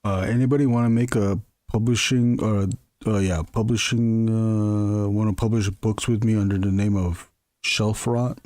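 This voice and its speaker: A man with a fairly low voice rambles along while he works on a drawing for his stream. He keeps talking to himself and asking stray questions aloud. The sound is dry and close, with no room echo. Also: fairly even intonation, moderate pace, darkish tone. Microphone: close camera mic.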